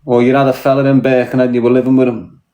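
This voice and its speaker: A man's voice: medium pitch, little pitch movement, very fast, dark tone. Blunt, confrontational Scouse man. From Liverpool, England. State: mentally tired. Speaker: live streamer. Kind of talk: casual livestream rant. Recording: roomy echo.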